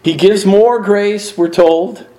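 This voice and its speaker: A man preaching a sermon in an earnest, emphatic way, swinging his pitch and pace to stress his points. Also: slow, warm tone, echoey room, rough recording.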